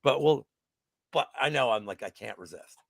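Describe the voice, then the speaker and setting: A man co-hosting a casual sports betting chat, profane and excitable, swinging from loud outbursts to mumbling, just getting over a cold. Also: mid-range voice, moderate pace, gravelly, no room sound, studio quality. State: recovering from a cold. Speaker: co-host.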